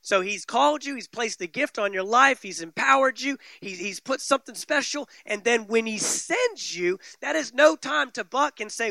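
A male pastor delivers a sermon in a high, bright voice, hammering home repeated phrases. His delivery swings from forceful peaks to hushed low lines, captured dry and close with no room echo. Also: lively intonation, moderate pace, gravelly. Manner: emphatic preaching, repeating phrases with rising and falling intensity.

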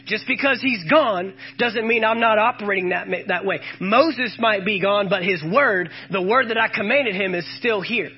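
Male preacher with a high voice, emphatic and call-and-response, on a muffled recording. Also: normal speed, hardly any pauses, husky. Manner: emphatic, calls out to the congregation and quotes scripture. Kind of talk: sermon.

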